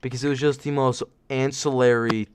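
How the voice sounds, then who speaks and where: A man's voice: mid-range voice, little pitch movement, a little fast, clear, resonant tone, dry recording. A young man hosting a podcast, telling stories in a rambling, self-correcting way and laughing as he goes. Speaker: podcast host. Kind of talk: casual storytelling chat.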